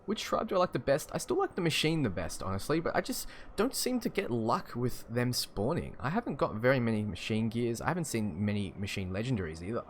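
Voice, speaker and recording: A man's voice: medium pitch, very animated, a little fast, hardly any pauses, a little hiss or hum. A young Australian man with an Australian accent, casually chatting and chuckling as he answers stream chat. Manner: chatty and laid-back, chuckling often.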